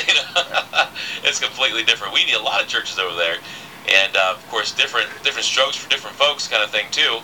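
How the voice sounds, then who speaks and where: A man's voice: fairly low pitch, quick pace, sharp tone, slight background noise, rough recording. A man hosting a casual radio interview, chatty, with many fillers and restarts. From southern United States. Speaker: radio host.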